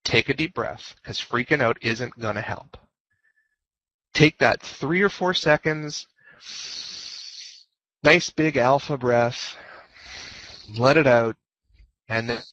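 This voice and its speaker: A man's voice: medium pitch, slow pace, pauses often, a bit bright, no echo. Man, guest lecturer, laid-back and jokey, repeats key points; dry, muffled voice-chat sound. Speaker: guest lecturer on fleet command. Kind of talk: informal lecture over voice chat. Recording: dull lo-fi voice chat audio.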